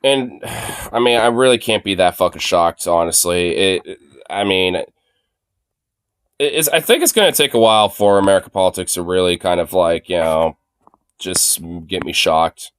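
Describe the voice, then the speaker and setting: A man's voice: sits low, lively intonation, normal speed, a bit bright, clean tone, no echo. Brief: dry, close-miked male co-host, rambling, laughing, swearing. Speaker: co-host reacting to clips. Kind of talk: casual profane banter.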